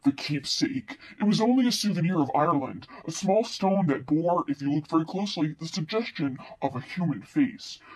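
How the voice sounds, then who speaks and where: A man's voice: on the high side, a little mellow, husky, low-quality recording. A man reading a book blurb aloud in a dramatic, ominous way.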